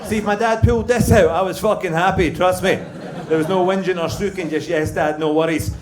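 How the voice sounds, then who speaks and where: A man's voice: high-pitched, brisk, background noise. Scottish man doing crude stand-up. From Scotland. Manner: crude, deadpan storytelling with sudden loud punchlines. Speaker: stand-up comedian. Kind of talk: stand-up comedy set. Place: comedy club stage. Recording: roomy club sound with audience laughter. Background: audience laughter.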